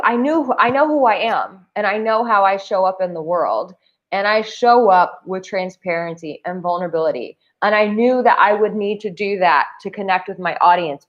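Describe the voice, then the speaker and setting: Recorded with dull audio, a woman with a mid-range voice coaches on dating from Bali, talking casually to camera. Her advice is chatty and emphatic, full of "like" fillers.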